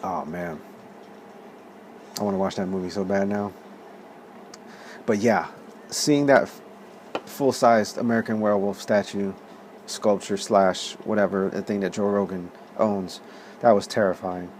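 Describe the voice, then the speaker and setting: A man's voice: on the low side, unhurried, long pauses, slight background noise. A man in his thirties telling a story in a rambling, casual way, with lots of swearing and laughter. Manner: profane, animated, laughs often. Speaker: vlog host.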